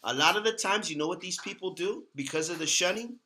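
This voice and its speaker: A man hosting a casual talk in an earnest, emphatic way, leaning on repeated words to make his point. His voice sits a little high and sounds bright and forceful. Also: animated, quick pace, a little hiss or hum. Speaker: host.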